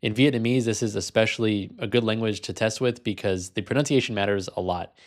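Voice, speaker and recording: Lower-voiced man, casual vlog talk. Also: steady tone, a little fast. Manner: casual, frank, sometimes amused. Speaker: language learner and video host.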